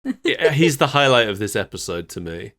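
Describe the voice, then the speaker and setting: A man's voice: mid-range voice, big pitch swings, moderate pace, fairly bright tone. A man co-hosting a podcast, recapping a cartoon episode in casual chat and laughing often. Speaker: podcast co-host.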